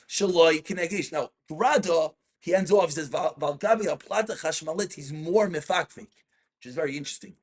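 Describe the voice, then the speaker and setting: Rabbi guy with a high voice running a study class, reads texts out and explains, cuts in to slow people down. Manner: reads Hebrew texts aloud and explains them, asks students questions. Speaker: rabbi teaching Jewish law.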